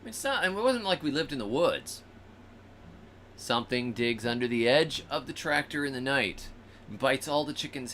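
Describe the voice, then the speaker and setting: A male show host, mid-range in pitch, chats through casual stories while a slight hiss or hum sits under the audio. He brings the tale to life by voicing its animals and characters in funny ways.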